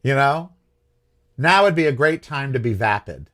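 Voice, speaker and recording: A man's voice: medium pitch, expressive, moderate pace, a bit bright. A man hosting his own show, talking in a rambling, frustrated political monologue that keeps questioning itself. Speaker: host.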